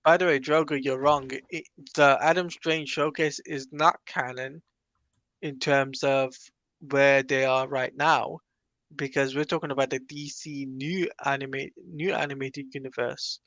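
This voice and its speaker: A man's voice: medium pitch, fairly even intonation, a little slow, a bit bright, no echo. A sleepy man co-hosting a podcast, earnestly insisting on his points about story continuity. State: sleepy, yawning early in the morning. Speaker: podcast co-host. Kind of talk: casual discussion of a comic-book film.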